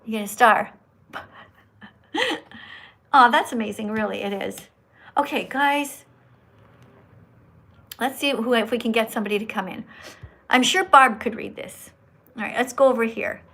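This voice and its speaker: A woman's voice: fairly high pitch, normal speed, pauses often, bright, forceful tone. A woman hosting a live stream with callers, talking like a schoolteacher who instructs and scolds. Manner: says her own voice is annoying. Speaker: livestream host.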